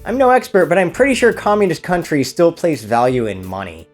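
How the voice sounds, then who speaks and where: A man's voice: fairly high pitch, huge pitch swings, fairly quick, faint music behind. A man narrating a scripted comedic film review with a dry, sarcastic delivery.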